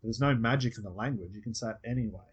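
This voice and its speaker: Husky low-voiced Australian coach. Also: male voice, fast, muffled recording. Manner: patient, explains step by step with demonstration phrases. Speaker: hypnosis coach. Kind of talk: one-on-one coaching session.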